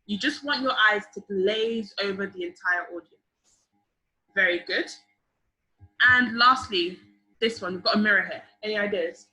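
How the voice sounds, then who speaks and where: A young woman teaches public speaking to a group over a video call. Her bright voice stays lively and encouraging as she keeps asking the class for ideas. The call audio sounds roomy. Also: medium pitch, normal speed, long pauses. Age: young adult. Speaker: public speaking workshop leader. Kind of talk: online seminar teaching.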